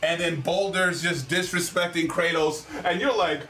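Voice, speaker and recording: A man in casual stream chat, excitedly acting out a game scene with shouted quotes. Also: fairly high pitch, moderate pace. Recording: roomy with crowd noise.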